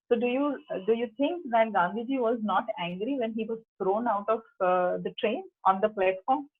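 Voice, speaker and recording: A woman's voice: mid-range voice, slightly rough. A middle-aged woman, leading a coaching workshop in an earnest, instructive way and repeating key phrases. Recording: tinny phone-like online call audio.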